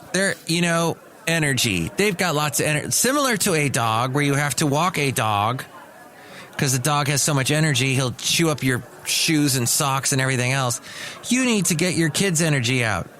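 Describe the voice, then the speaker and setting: A man's voice: on the high side, a bit bright. A man hosting his own podcast, talking alone in a rambling, sarcastic, self-mocking way. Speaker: podcast host. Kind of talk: casual solo podcast monologue. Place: small cafe studio.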